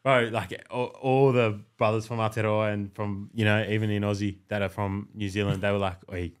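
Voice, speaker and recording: A man's voice: fairly low pitch, flat delivery, brisk, clear, resonant tone. A man hosting a casual podcast chat, rambling with lots of fillers and casual swearing. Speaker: podcast host.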